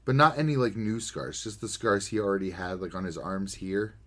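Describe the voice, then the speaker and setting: A man co-hosting a podcast in casual chat, excitable, laughing often and swearing casually. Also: lowish voice, brisk. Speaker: podcast co-host.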